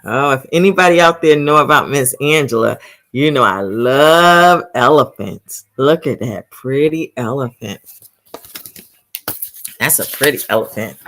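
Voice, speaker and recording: A woman reading a picture book aloud to children, animated and exclamatory, stopping to ask them questions. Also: very deep voice, a little slow. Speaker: storytime reader for children.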